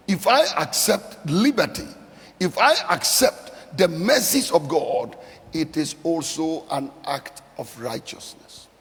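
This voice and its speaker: Man preaching in a reverberant hall. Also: high-pitched. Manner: emphatic repetition, conversational storytelling. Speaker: pastor. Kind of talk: sermon.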